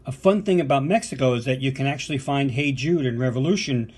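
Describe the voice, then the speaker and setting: Talking fast, with a mid-range voice that's darkish and slightly rough, an older American vinyl collector and podcast co-host works through a box of records. The casual unboxing is enthusiastic and loose, with fillers and asides throughout.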